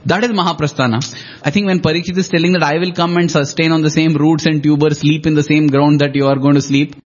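A husky, somewhat higher-pitched man retells an old epic in a relaxed talk, voicing its characters with emphasis. The audio is dull and lo-fi. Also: fast. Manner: reflective, retells dialogue with emphasis. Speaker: podcast co-host. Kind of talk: storytelling discussion of scripture.

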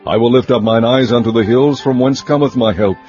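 A man giving a steady, measured scripted scripture reading, recorded slightly muffled and dry. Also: medium pitch, faint music behind. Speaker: scripture reader.

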